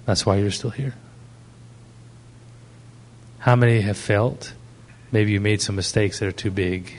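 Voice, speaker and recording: A man's voice: on the low side, fairly even intonation, measured pace. A man preaching a sermon to young people, asking the audience questions and telling stories from his ministry. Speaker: pastor.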